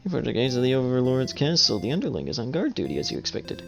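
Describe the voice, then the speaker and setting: Gravelly man reading a game aloud. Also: mid-range voice, huge pitch swings, fast talker. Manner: casual, swearing, joking. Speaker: game streamer. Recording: slightly dull audio with faint music.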